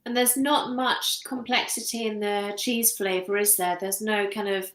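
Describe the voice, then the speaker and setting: A woman's voice: medium pitch, unhurried. Woman tasting cheese in an echoey room. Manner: relaxed, agreeable, describes flavours in detail. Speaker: cheese judge. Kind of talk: casual judging chat over a video call. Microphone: video call. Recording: echoey room over a video call.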